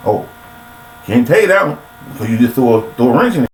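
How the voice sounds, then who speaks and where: A man's voice: mid-range voice, very animated, fast talker, long pauses. A grown man giving a casual motivational monologue into a webcam, repetitive and preachy, full of rhetorical questions. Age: adult. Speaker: motivational speaker. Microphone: computer webcam mic. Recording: echoey room with faint mains hum.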